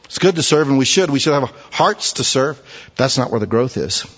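A man preaching a sermon, telling folksy stories and switching between quiet asides and loud, emphatic points. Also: medium pitch, animated, fairly quick, long reverb tail, lo-fi sound. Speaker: pastor.

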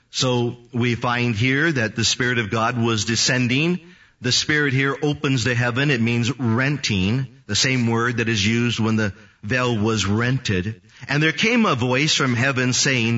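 Distant man teaching scripture, bright tone. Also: medium pitch, a little slow. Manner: reads scripture then explains it verse by verse. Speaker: preacher. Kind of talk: Bible teaching sermon. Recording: distant, dull lo-fi recording.

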